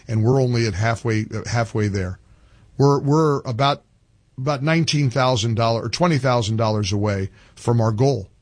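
A man's voice: mid-range voice, dry recording. An older man hosting a talk radio show, talking animatedly with fired-up peaks and earnest appeals to listeners. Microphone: studio microphone.

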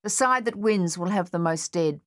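A woman voicing a sardonic male machine-gunner with dark humour, in an audiobook. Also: high-pitched, expressive, normal speed, no room sound. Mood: wry. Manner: dry and sardonic.

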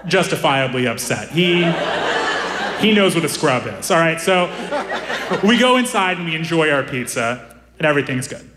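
Give me a male comedian, fairly high-voiced, telling an animated story over audible background noise. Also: normal speed. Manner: animated, laughing, with many voiced quotes. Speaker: stand-up comedian. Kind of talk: stand-up storytelling.

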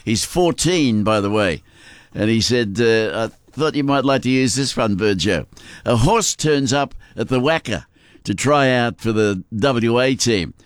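A man's voice: mid-range voice, expressive, measured pace, no room sound, studio quality. A man hosting a classic-hits radio show, telling jokes and reading promos in a chatty way. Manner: joke-telling, chatty, with small laughs. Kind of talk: casual radio chat and live reads. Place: radio studio. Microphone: close studio mic.

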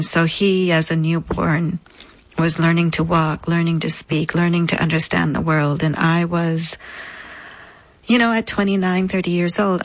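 A woman guest in an interview, recounting a personal experience in a measured, deliberate way with frequent pauses. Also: deep voice, rough recording. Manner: measured, deliberate, pausing often. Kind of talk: reflective personal storytelling.

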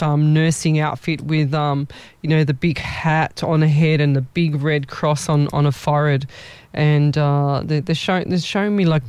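Man, psychic medium, rambling live reading, fairly high voice, dry close sound. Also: smooth, dry recording. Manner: chatty, rambling, self-mocking with frequent laughs; warm familiar address.

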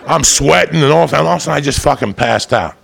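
Gravelly, profane stand-up comedian. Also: male voice, quick pace, crowd noise. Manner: loud, profane, rambunctious, swings into high shouts. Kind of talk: stand-up storytelling to a live audience.

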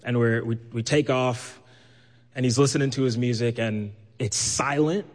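A man's voice: medium pitch, moderate pace. Man telling a story on stage. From New York, Brooklyn. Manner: lively, acts out quoted voices. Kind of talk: live personal storytelling. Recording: long hall reverb.

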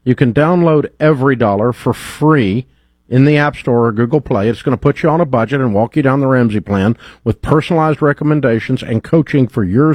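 A man's voice: medium pitch, a little mellow, no echo. A man hosting a radio advice show, speaking in a confident, emphatic and persuasive way. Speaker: radio host. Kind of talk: radio show host, reading an ad then taking calls. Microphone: studio microphone.

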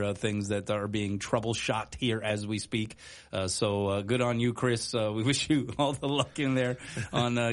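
A man hosting a sports radio talk show, chatting casually and laughing often. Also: on the low side. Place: radio studio.

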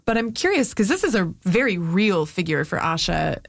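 A woman with a lowish voice asks questions as an interviewer, measured and curious in a relaxed, conversational tone. Her voice sits close and dry. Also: vocal fry, no echo.

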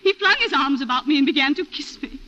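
A woman's voice: high voice, animated, fast talker, sharp tone. A woman in 1940s radio acting, playing a genteel planter's wife who recounts a shooting in a refined, emotional way, on a lo-fi old radio broadcast. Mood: distraught.

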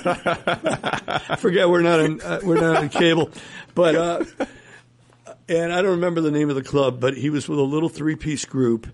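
A man, a musician guest in an interview, telling rambling anecdotes and chuckling often. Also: mid-range voice. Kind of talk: casual interview storytelling.

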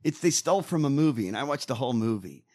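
A man's voice: mid-range voice, fast talker. A man co-hosting a casual podcast, ranting with lots of swearing. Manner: profane, animated ranting. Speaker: co-host.

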